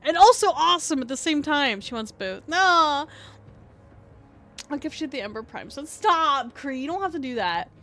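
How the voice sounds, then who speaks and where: Tired and scratchy-throated, a woman rambles through a casual game stream, loaded with fillers, free swearing, and self-mocking jokes. Her voice sits high and sing-song, a bit bright, moving fairly quickly with few pauses.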